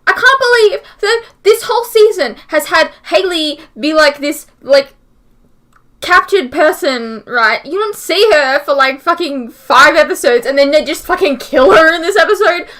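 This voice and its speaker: High bright-voiced young woman ranting. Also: lively intonation, normal speed. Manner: frustrated, swears a lot, fillers like "like". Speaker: reaction channel host. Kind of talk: casual reaction vlog rant.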